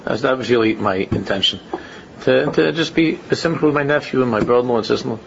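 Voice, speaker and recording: A man's voice: mid-range voice, fast talker, creaky, a little hiss or hum. A man giving an informal religious talk, repeating his phrases and rising into emphatic questions. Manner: repetitive, restates phrases, rises to emphatic questions. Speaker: religious speaker. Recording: muffled lo-fi recording.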